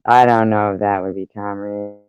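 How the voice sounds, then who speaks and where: A man's voice: on the low side, level tone, normal speed, darkish tone. A man chatting casually in an online voice room, laughing often and swearing freely. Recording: dull lo-fi sound.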